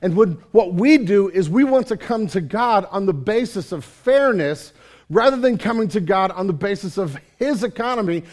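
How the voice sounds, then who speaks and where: A man preaching a sermon, telling a parable with animated storytelling and acting out the characters. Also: high-pitched, normal speed. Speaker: pastor.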